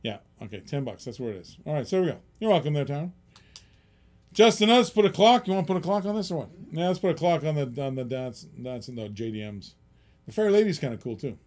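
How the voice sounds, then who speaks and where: A man's voice: a little high, sing-song, quick pace, a little mellow. A middle-aged man hosting a live-stream auction in casual, rambling chatter, often chuckling and reading out bids.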